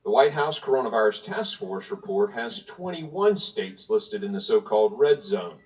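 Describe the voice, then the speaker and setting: A man's voice: medium pitch, very animated, normal speed, a little mellow. Pointed congressman heard from afar. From Tennessee. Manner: pointed, partisan, reading from notes. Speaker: congressman questioning a witness. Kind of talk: prepared remarks at a hearing. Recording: distant, dull hearing-room audio.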